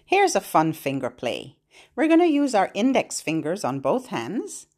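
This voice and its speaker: Woman, children's librarian, baby podcast host, gentle sing-song delivery, lively rising and falling pitch, unhurried pace. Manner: gentle, slow and sing-songy, switching between spoken tips and children's songs. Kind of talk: sing-song songs and tips for babies.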